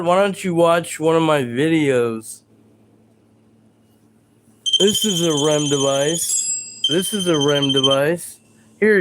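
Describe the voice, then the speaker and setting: A man on a live stream who answers his chat in a combative, swearing rant. His voice sits a little high, and he lets the words come out slow and drawn. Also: slight background noise. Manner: combative and profane, ranting at chat.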